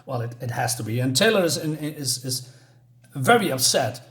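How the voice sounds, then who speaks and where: A man's voice: mid-range voice, expressive, normal speed, a bit bright. A man reviewing a comic book in a casual vlog, talking hesitantly with many fillers and restarts.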